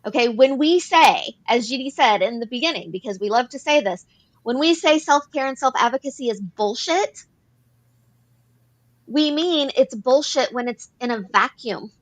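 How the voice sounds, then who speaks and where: A woman's voice: high voice, animated, normal speed. A woman co-hosting an advocacy talk show, explaining policy earnestly and repeating phrases as she works through points. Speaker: podcast co-host. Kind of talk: advocacy discussion.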